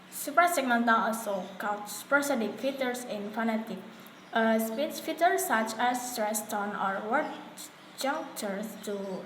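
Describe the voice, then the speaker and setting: Hesitant woman presenting in an echoey room. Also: fairly high pitch. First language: Indonesian. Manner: reads from notes with frequent hesitations and restarts. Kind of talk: classroom presentation on phonetics. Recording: echoey room with faint background noise.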